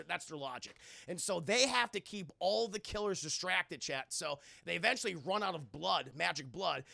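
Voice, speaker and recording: Young male streamer, high-pitched, profane, animated recap delivery. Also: gravelly, dry recording. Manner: profane, excitable, acts out quotes in loud voices. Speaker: streamer reviewing a film. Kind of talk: animated scene-by-scene film recap to live chat.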